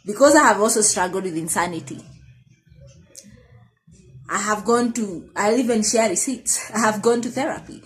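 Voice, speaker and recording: A woman's voice: medium pitch, moderate pace, pauses often, soft background music, rough recording. A woman in her thirties talking candidly to camera in a reflective, confessional personal vlog, often correcting herself mid-sentence. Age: 30s. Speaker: vlogger.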